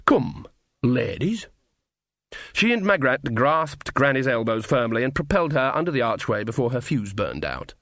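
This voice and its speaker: Man narrating an audiobook, wry and lively. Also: medium pitch, a little fast, hardly any pauses, dry recording, studio quality. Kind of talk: scripted narration.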